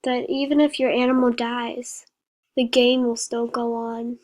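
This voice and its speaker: A woman reading a horror story aloud in a slow, even way, with a few slips. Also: on the high side, poor audio.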